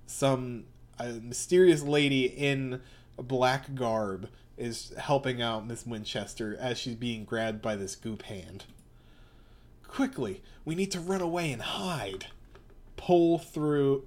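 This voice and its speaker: A man's voice: medium pitch, slow pace, a little mellow. A man reading through a comic aloud in casual, bemused chat. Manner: bemused, rambling.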